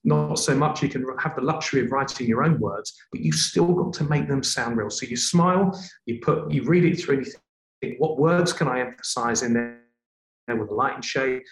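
A man who works as a TV presenter, explaining his technique in an expressive, tone-varied way. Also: mid-range voice, normal speed, reverberant, low-quality recording. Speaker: TV presenter, guest.

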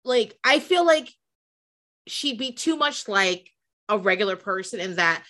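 Woman, from the American South, bright voice, lively swooping pitch, casual gossip chat, swears a lot. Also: a little slow. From American South, near Kentucky. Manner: animated storyteller who swears freely and acts out quotes. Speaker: podcast co-host.

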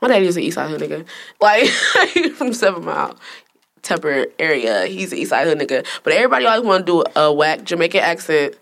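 A woman's voice: lowish voice, big pitch swings, fairly quick, creaky, a bit bright. A young woman hosting a casual podcast, teasing and laughing through the banter. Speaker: podcast host. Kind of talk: casual chat.

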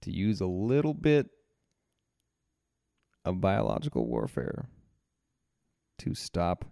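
A man's voice: low voice, huge pitch swings, slow, vocal fry, warm tone, clean tone, no room sound, studio quality. A man co-hosting a podcast, telling a story in casual chat, rambling with restarts and frequent laughter. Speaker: podcast co-host.

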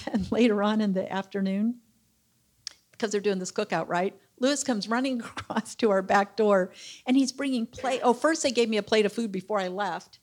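A middle-aged woman tells a personal story from the pulpit in a mid-pitched voice. She acts out the people she quotes with lively shifts of tone. It is a casual, heartfelt church testimony. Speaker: church member sharing testimony.

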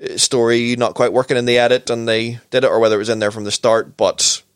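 A man giving a casual film review, halting and hesitant in delivery. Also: mid-range voice, little pitch movement, clear, resonant tone, no room sound, clean studio sound. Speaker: podcast co-host, film reviewer.

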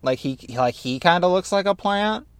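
A man's voice: high voice, expressive, normal speed, clear, resonant tone, no room sound. A man hosting a podcast in casual comedic chat, rambling with lots of fillers and mocking his own ideas. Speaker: podcast host.

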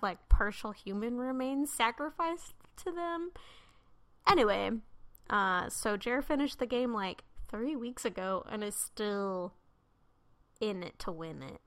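A woman co-hosting a podcast, telling rambling stories with excitement in casual chat. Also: a little high. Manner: rambling storyteller, enthusiastic. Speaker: podcast co-host.

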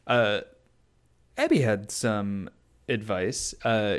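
A man co-hosting a comedy advice podcast, casual and deadpan in his jokes. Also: lowish voice, unhurried. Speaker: podcast co-host.

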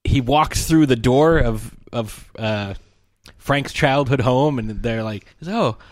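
A man chatting casually about a movie, acting out lines from scenes in quick impressions. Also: medium pitch, no room sound.

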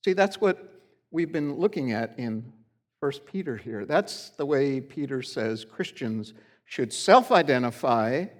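A man's voice: mid-range voice, expressive, unhurried. A middle-aged man preaching a sermon in a church, in a conversational, folksy storytelling way. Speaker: pastor. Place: church sanctuary.

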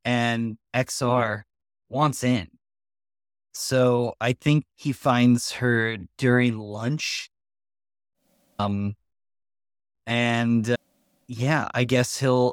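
A man playing a tabletop role-playing game, talking slowly and haltingly with plenty of "uh"s and restarts. His voice sits at an ordinary pitch and is recorded close and dry, with no room sound around it. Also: no echo. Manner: slow, halting, many fillers and restarts, laughs often. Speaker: player. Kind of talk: tabletop role-play, in and out of character.

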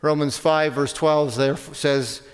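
A man's voice: on the high side, steady tone, takes it slowly, smooth. Man preaching in a reverberant hall. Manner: conversational, with self-corrections and rhetorical questions. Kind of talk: sermon.

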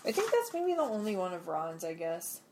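A woman's voice: on the low side, wildly swooping pitch, moderate pace, a little mellow. Woman co-host, chatty and giggly, slight noise in the recording. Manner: chatty, lots of "like" fillers, laughs easily. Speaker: podcast co-host. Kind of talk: casual chat.

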